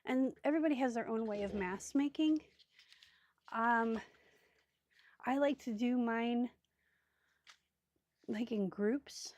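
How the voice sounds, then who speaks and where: A woman's voice: fairly high pitch, a little slow, pauses often, a little mellow. A woman hosting a crafting video, chatting casually and thinking aloud with many ums and asides as she sorts supplies. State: hiccups. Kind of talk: casual crafting tutorial chat.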